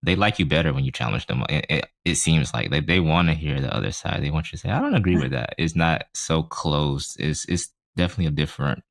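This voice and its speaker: A man's voice: a bass voice, fast talker, gravelly, hardly any pauses. A man co-hosting a podcast, chatting in an easygoing, reflective way. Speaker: podcast co-host. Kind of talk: casual podcast chat.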